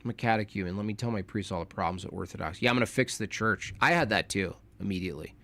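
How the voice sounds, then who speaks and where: A man's voice: lowish voice, fast, creaky, a bit bright. A young man talking casually on a live stream, rambling and correcting himself, with informal slang.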